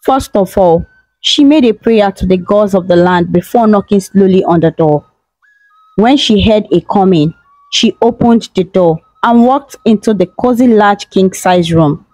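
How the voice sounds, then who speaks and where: A woman's voice: medium pitch, darkish tone, no echo, poor audio. Female folktale narrator, dramatic read, dry close mic. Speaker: storyteller. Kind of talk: scripted storybook narration.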